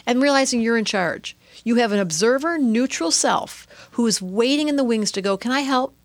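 A middle-aged woman speaking as an interview guest, lively and expressive, often acting out inner voices and laughing. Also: fairly high pitch, normal speed, no echo. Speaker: guest, astrologer and author. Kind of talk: animated interview talk.

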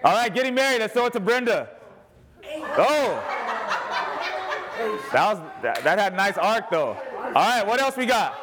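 Speaking at a moderate pace with long pauses, this man's voice sits high as he runs a group activity during a sermon. He keeps things lively, cracking jokes and calling out to the audience.

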